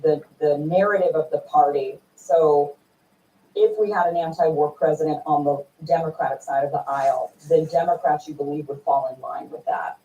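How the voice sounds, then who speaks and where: A woman's voice: sits low, moderate pace, recorded from a distance, dull audio. Indignant woman host in an echoey room. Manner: animated, indignant, rhetorical questions. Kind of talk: political interview.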